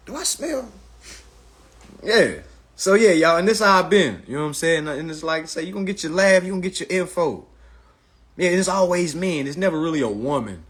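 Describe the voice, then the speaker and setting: A husky-voiced man in his thirties talks straight to his viewers on a live stream. His pitch sits a little high and leaps around, from loud preachy exclamations down to low muttered asides. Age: 30s. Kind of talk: casual live stream chat.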